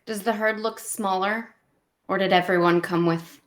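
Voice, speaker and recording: A woman's voice: medium pitch, fairly even intonation, moderate pace. A woman player in a tabletop role-play, describing her character's actions thoughtfully with frequent hesitations. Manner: thoughtful, hesitant with many ums.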